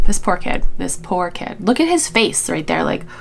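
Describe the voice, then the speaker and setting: A woman's voice: on the low side, big pitch swings, measured pace, vocal fry, loud music behind the voice. Indignant woman doing reaction commentary. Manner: indignant, exasperated, sighing. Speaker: YouTube commentator.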